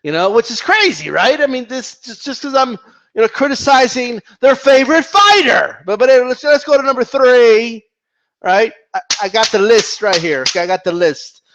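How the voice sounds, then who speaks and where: A man rants on a casual vlog in a high voice that swings up and down a lot. He swears freely and often restarts his sentences. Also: normal speed, muffled recording. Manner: animated, profane, rambling with restarts. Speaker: boxing commentator.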